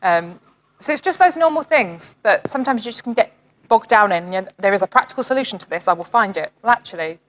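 A woman's voice: medium pitch, animated, quick pace, fairly bright tone, poor audio. A woman giving an informal online sermon, reading psalms aloud in an earnest, encouraging way. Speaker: church leader.

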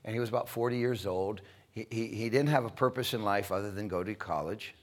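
A middle-aged male preacher delivering a sermon, moving between loud, stretched-out declarations and quiet, hushed storytelling. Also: fairly low pitch, brisk.

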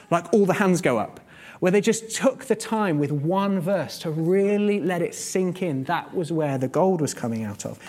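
A man's voice: a little high, darkish tone. A man preaching a sermon in a conversational, earnest teaching manner, using everyday examples.

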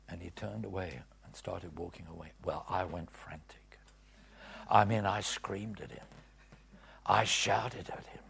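A man preaching a testimony in a sermon, swinging from hushed whispers to loud cries. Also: sits low, unhurried, vocal fry, husky. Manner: dramatic swings from whispers to shouts.

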